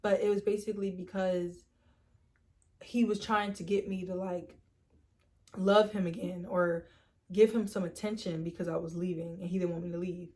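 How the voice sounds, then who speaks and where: A young woman telling a storytime vlog in a chatty, animated way, acting out quoted lines and leaning on "like" and "literally". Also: on the low side, moderate pace. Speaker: storytime vlogger. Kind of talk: casual storytime.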